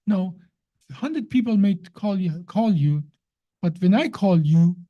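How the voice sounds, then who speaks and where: A woman with a lowish, expressive voice speaks at a measured pace, though the recording is muffled. As a science guest, she explains how the brain works in conversation, emphatic and teacherly, often posing questions to the listener.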